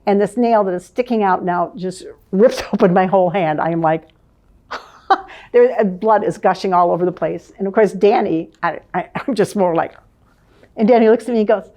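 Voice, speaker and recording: An older woman recalls old times with lively storytelling, breaking into laughter as she sets the scene. Her voice sits in an ordinary middle range for a woman, and she talks as a guest looking back on her working years. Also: medium pitch, moderate pace. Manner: lively, laughs often, vivid scene-setting. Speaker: former advertising manager, guest. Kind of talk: reminiscing storytelling in conversation.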